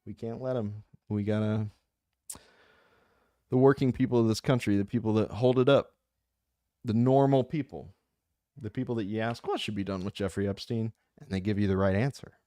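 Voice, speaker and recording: Speaking at a moderate pace with long pauses, an American man's lowish, mellow voice carries fairly even intonation over a dry, studio-quality recording. On his own channel, this audiobook narrator chats informally about a book and reads comments from viewers. He rambles, jokes around and becomes fired up and impassioned.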